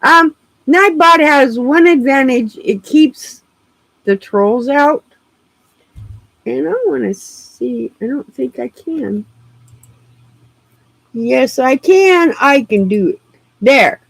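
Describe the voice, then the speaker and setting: A woman streaming live, chatting casually in an excitable, rambling way and laughing easily. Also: high voice, slow pace, creaky, pauses often, dry recording, poor audio.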